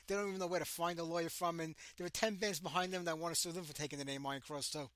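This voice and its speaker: A man's voice: on the high side, steady tone, very fast, fairly bright tone, dry recording. A man hosting a radio interview, chatty and jokey with his guest. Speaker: radio show host. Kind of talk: casual interview.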